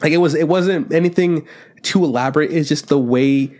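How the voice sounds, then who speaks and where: A young man co-hosting a podcast in casual chat, retelling funny scenes with loose swearing and quick put-on voices. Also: fairly high pitch, a little mellow. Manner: loose, profane, acts out scenes in quoted voices. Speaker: podcast co-host.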